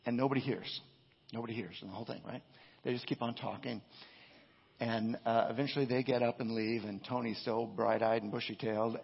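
A male pastor preaches with a gravelly, husky voice, telling a story in a rambling, conversational way. He keeps checking in with his listeners. The sound is muffled and lo-fi, with a long echo from a large church hall. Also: medium pitch. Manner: conversational storytelling, frequent "right?" asides. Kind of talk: sermon. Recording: echoey hall, dull lo-fi sound.

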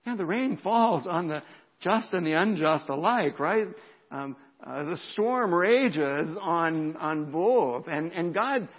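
Gravelly-voiced pastor preaching, lo-fi sound. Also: male voice, high-pitched. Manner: animated, repeats words, drops to a whisper for emphasis. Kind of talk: sermon.

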